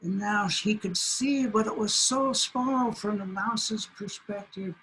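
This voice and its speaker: Give me a man storyteller, slow and deliberate, with a bright voice. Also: high voice, slight background noise, rough recording. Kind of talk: oral storytelling.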